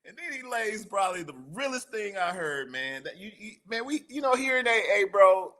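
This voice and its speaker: A man's voice: high-pitched, big pitch swings, normal speed, fairly bright tone. A man as a guest, candidly telling his own recovery story in a slangy, emotional way. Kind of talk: personal recovery testimony.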